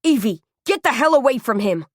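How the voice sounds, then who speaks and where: A woman's voice: on the high side, animated, fairly quick, no room sound, clean studio sound. A woman voicing Jack, a young man who bellows urgent warnings. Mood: yelling.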